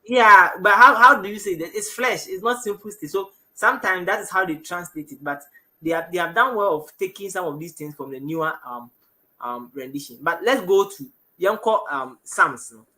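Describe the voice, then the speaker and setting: Ghanaian male Bible teacher, slightly high and very bright voice, halting studio delivery. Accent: Ghanaian English. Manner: halting, self-correcting, reads verses aloud. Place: television studio.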